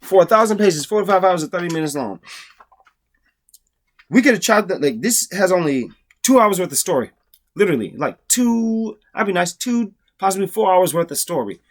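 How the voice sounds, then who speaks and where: A man's voice: high-pitched, expressive, normal speed. Profane, ranting man reviewing a book. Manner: profane, exasperated, mocking.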